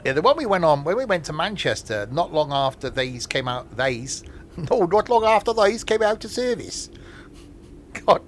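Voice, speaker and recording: A man's voice: a little high, moderate pace. A man live-streaming a train simulator, joking and laughing as he chats with viewers. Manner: jokey, chatty, laughs often, answers chat. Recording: steady noise under the voice.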